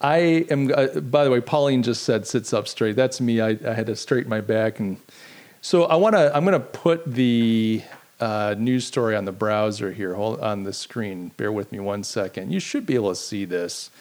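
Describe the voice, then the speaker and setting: A middle-aged host talks to his live chat during a streamed podcast, meandering and self-deprecating in a relaxed way. His voice is lowish and a little mellow, at a moderate pace.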